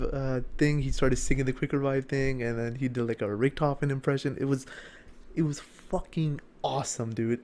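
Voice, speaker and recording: A young man, a gaming YouTuber, telling an animated story in a casual vlog, fast and full of swearing, with bursts of shouted excitement. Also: mid-range voice.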